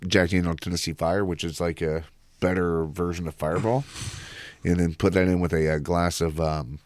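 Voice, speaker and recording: A man with a somewhat low voice chats casually as a podcast guest. He sounds easygoing and agreeable, and he readily goes along with what the host says. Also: little pitch movement, normal speed, darkish tone, no room sound. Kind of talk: casual chat.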